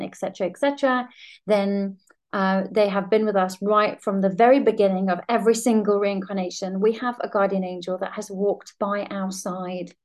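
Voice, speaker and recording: A law of attraction coach, a woman with a mid-range voice, tells personal stories in an earnest, gentle way on a spiritual podcast.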